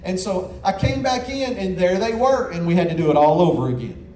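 A man's voice: high voice, lively intonation, a little fast, warm tone. A man preaching a sermon, telling a folksy story with lots of repeated words and restarts, then appealing to his congregation. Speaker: pastor. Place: large church hall. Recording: echoey hall, faint ambience.

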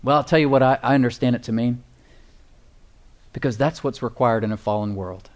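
A man preaching a sermon, slowing down to stress key phrases and calling for responses from the congregation. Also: medium pitch, darkish tone. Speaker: pastor.

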